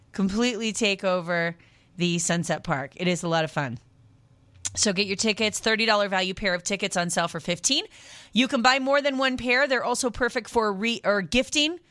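A woman's voice: medium pitch, fairly bright tone, dry recording. Chatty upbeat woman radio host. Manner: chatty, upbeat, tangents with laughs. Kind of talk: casual radio deal segment. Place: radio studio.

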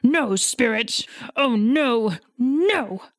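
A woman's voice: mid-range voice, a little slow, no room sound, clean studio sound, close to an everyday voice. A woman reading aloud, voicing an old miser man who pleads with a ghost in a rising, desperate voice. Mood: desperate pleading. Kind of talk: audiobook reading.

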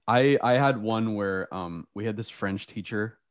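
A man's voice: on the low side, unhurried, clear, resonant tone, no echo. A young man hosting a podcast, chatting casually and telling stories with frequent laughter. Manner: animated storytelling, laughs often. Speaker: podcast host. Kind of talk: casual chat.

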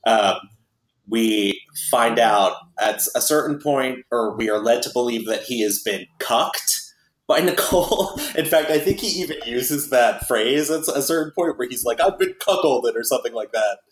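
A man's voice: mid-range voice, moderate pace, reverberant, rough recording. A man hosting a podcast, chatting casually and wryly about a movie with lots of fillers. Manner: chatty, wry, many fillers. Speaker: podcast host.

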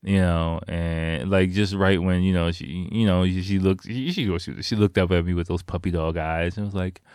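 Very low male voice, dry and close; rambling, profane storyteller. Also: steady tone, moderate pace, darkish tone, clean tone, dry recording. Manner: rambling and profane, full of "like" and "you know". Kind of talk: casual storytelling.

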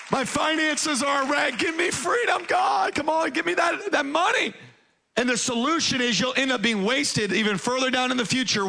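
A man's voice: very high voice, bright, forceful tone. A man, preaching a sermon and calling out to the congregation with energy. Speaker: pastor.

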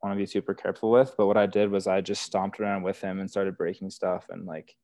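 Speaking fast in a low, dark voice with a flat delivery, a young man tells podcast stories from his time guiding wilderness therapy. The talk is casual and sincere, full of "like" and "you know," and the recording is dry.

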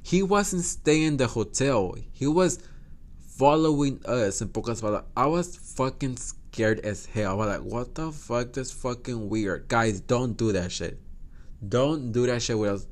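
Young man, podcast host, lively up-and-down pitch, mid-pitched voice, cursing storyteller. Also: a little slow. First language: Spanish. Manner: animated, swears a lot, laughs often. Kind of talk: casual storytelling.

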